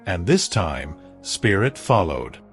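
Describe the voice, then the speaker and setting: A man narrating a dramatic story in a slow, scripted storytelling manner. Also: deep voice, big pitch swings, soft background music.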